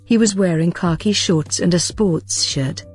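A woman reading a novel aloud as an audiobook narrator, in a measured, even manner. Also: on the low side, husky, soft background music. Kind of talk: scripted narration.

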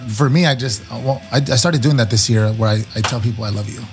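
A man's voice: medium pitch, fast talker. A man rambling casually on a podcast about his feelings, self-deprecating and profane. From Mexican-American. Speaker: podcast co-host. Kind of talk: casual chat. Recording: faint guitar music behind.

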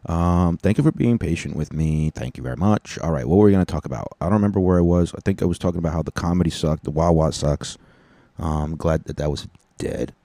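Low dark-voiced guy ranting, swears a lot, rambles and cuts himself off, dry close mic. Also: fast talker, no room sound. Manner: profane, rambling, self-interrupting. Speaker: stand-up comedian and podcast host. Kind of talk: casual solo rant.

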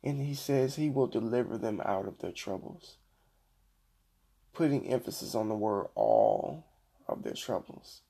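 Middle-aged guy doing a christian podcast, gravelly husky voice, earnest preachy delivery. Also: mid-range voice, warm tone. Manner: earnest preaching, slows down to read scripture. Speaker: podcast host. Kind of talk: Christian devotional podcast talk.

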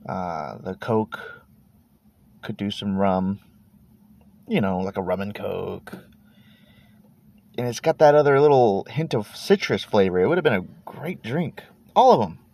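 Sitting in his parked car, this thirtysomething Texan podcast host talks in an easygoing, wandering way, cursing offhandedly, trailing off and repeating himself. He speaks a little slowly with a dark, lowish, expressive voice, vocal fry, and frequent pauses.

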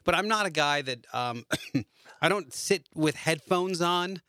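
A man hosting a podcast in casual chat, telling relaxed anecdotes with a few hesitant fillers. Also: on the high side, measured pace, no echo, clean studio sound. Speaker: podcast host.

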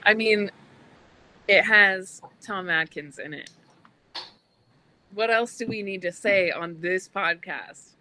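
Sex: woman. Role: podcast co-host. Pace: slow. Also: mid-range voice, pushed and bright, a little hiss or hum, rough recording. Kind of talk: casual podcast chat.

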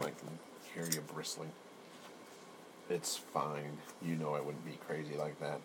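Low-voiced, slow, playful young man. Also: level tone, background noise.

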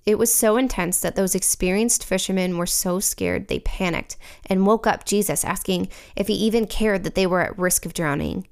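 A woman's voice: mid-range voice, animated, normal speed, hardly any pauses, darkish tone, clear, resonant tone. A woman giving an earnest, reflective scripted devotional reading. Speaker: devotional speaker.

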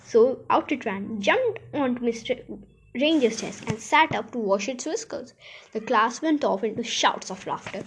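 A woman reading a children's chapter book aloud in a lively, expressive way, with some slips and restarts. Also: a little high, normal speed, a little hiss or hum. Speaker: audiobook reader.

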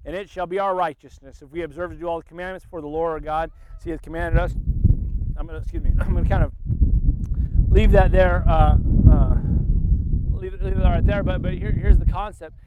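Preaching with fervor at a family camp, this pastor keeps repeating words as he builds up. He speaks on the high side in a steady tone, a bit quickly, over a noisy, tinny, phone-like recording.

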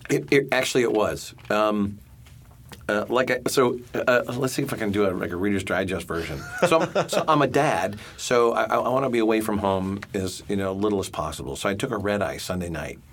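A man, a stage actor, telling a story in a casual interview, halting with many restarts, then speaking in animated bursts. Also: lowish voice.

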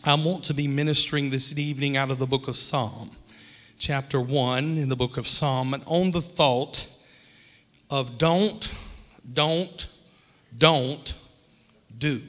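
Pastor, man, slow and bright, sermon with call-and-response and jokes, long hall reverb. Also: medium pitch, fairly even intonation. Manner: leads call-and-response with the congregation; joking, playful asides. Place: church hall with congregation.

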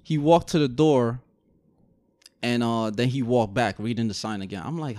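A man in his twenties talking casually in a group chat, telling a story with lots of swearing and animated energy. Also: mid-range voice, moderate pace, no echo. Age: 20s.

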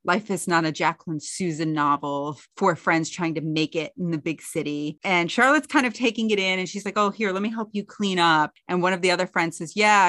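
Female podcast co-host, casual recap, lowish pitch, pops up higher for quoted lines, dry booth. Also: fairly bright tone, dry recording. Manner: chatty retelling, acting out quotes in a higher voice.

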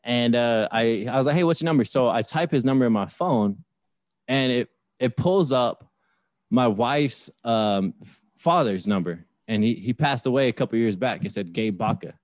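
A man's voice: mid-range voice, moderate pace, no echo, clean studio sound. Man in his thirties telling a story. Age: 30s. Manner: animated retelling with voiced quotes. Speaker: podcast host. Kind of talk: casual storytelling chat.

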